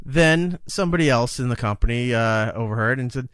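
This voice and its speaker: A man's voice: mid-range voice, brisk, clear, resonant tone, dry recording, clean studio sound. A man talking as a podcast guest and radio broadcaster in casual conversation, telling stories emphatically and acting out the dialogue. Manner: animated storytelling, acting out dialogue; emphatic, exasperated about work demands.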